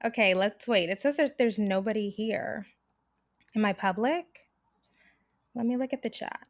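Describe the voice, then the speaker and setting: A young woman chatting loudly on a live stream, projecting like a trained stage performer. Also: medium pitch, moderate pace, no room sound. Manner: loud, projecting theater voice, lively and chatty. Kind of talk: casual live stream chat.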